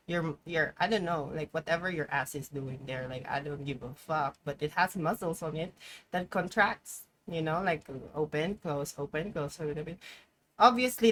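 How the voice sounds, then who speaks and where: A woman streamer gives casual running commentary on what she is watching. Her voice sits on the lower side and jumps between low, muttered asides and sudden loud, chanted outbursts, with plenty of swearing. Faint noise hums underneath. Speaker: live streamer reacting to a video.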